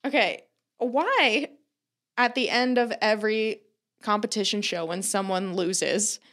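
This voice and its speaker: A young woman telling stories in casual chat, animated, peppering her speech with "like" and laughing often. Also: mid-range voice, unhurried. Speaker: podcast co-host.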